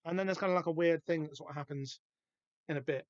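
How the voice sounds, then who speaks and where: A man hosting a podcast, talking through a comic book in a rambling, halting way with lots of fillers and restarts. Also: a little high, dry recording. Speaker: podcast host. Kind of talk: casual comic book discussion. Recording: dull, dry lo-fi podcast recording.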